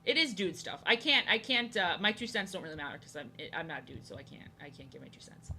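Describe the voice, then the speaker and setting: Young woman streamer, bright clear voice, rambling casual chat, faint background hiss. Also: fairly low pitch, animated, quick pace. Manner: rambling, chatty, reacting to chat. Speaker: art streamer. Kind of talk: casual chat while drawing.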